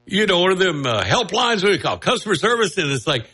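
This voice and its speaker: A husky-voiced man talking through the news in a loose, rambling commentary. His pitch sits a little high and swings widely as he mocks and wisecracks. He breaks off for asides and laughs at his own jokes. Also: big pitch swings, fast talker, bright, forceful tone, soft background music. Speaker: political commentary host. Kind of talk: casual political commentary monologue.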